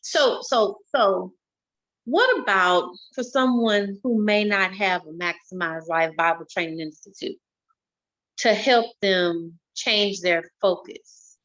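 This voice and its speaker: A woman podcast host in a conversational interview, her voice at a middling pitch. She nudges her guest along with mm-hmms and careful follow-up questions. The audio sounds dull and lo-fi. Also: a bit bright. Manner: encouraging, asks probing follow-up questions, frequent mm-hmm.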